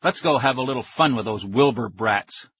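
A man's voice: mid-range voice, moderate pace, fairly bright tone, breathy edge, dry recording, lo-fi sound. A man doing a mischievous bold girl. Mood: eager. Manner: playful, conspiratorial.

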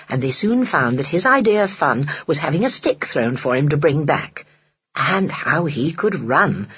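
An expressive audiobook narrator with a husky, breathy voice that moves up and down in a lively way. The recording sounds dull and lo-fi. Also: mid-range voice. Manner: expressive storytelling.

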